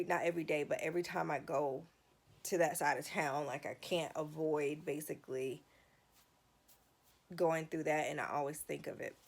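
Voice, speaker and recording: A woman's voice: fairly low pitch, vocal fry. A woman vlogger telling a personal story in a casual, emotional, rambling way, often restarting her sentences.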